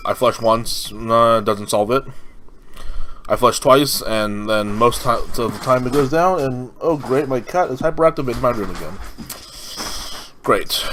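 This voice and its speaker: Young man from California, mid-pitched, casual game commentator who rambles with fillers. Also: a bit bright, slight background noise, rough recording. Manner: rambling, full of fillers and restarts. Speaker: gaming commentator. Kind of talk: casual let's-play commentary.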